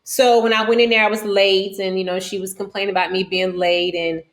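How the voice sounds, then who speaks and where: A woman, a guest telling a story in casual talk, acting out her own quotes with big jumps in voice. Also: fairly quick. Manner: animated, quoting herself with sharp pitch jumps. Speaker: guest, reality TV cast member.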